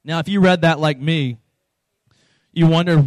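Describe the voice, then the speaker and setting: A man's voice: a little high, moderate pace, no echo, rough recording. A man in his thirties giving a casual, conversational sermon as a pastor, often repeating his words for emphasis.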